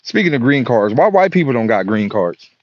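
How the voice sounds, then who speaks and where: A man delivering a profane, animated comedic monologue, often exclaiming. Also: medium pitch, fairly quick, no echo, dull audio.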